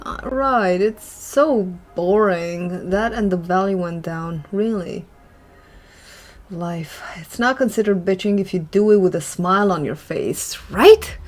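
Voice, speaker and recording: A woman's voice: lowish voice, darkish tone. A woman hosting an art channel, chatting casually and rambling while she draws and reads viewer comments. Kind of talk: casual chat while drawing.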